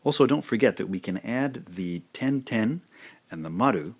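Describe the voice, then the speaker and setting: A man teaching a language lesson, patiently saying each sound twice in a careful, drawn-out way. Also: fairly low pitch, lively intonation, breathy edge. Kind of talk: slow, careful spoken lesson.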